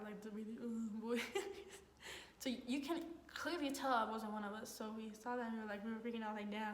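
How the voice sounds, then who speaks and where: A young woman, a college student, telling a story in a casual, rambling way with lots of "like". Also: on the high side. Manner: rambling, heavy use of "like", excited retelling. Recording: echoey room, faint noise.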